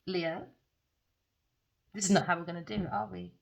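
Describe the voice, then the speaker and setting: A woman's voice: lowish voice, steady tone, normal speed, vocal fry. A woman doing a casual tarot reading in a theatrical, sassy way, often swearing. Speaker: tarot reader.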